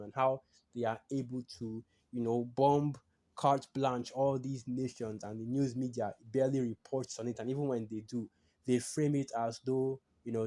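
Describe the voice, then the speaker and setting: Man preacher, mid pitch, dark mellow tone, conversational scripture teaching with lots of "right?" and "okay?" tags, reads verses aloud. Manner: conversational, frequent tag questions and restarts.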